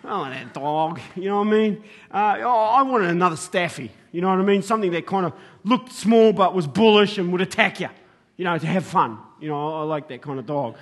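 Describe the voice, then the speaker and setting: An Australian man, a middle-aged pastor, preaching a sermon in a rambling storytelling way that rises to emphatic, shouted points. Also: high-pitched, animated, brisk, long reverb tail.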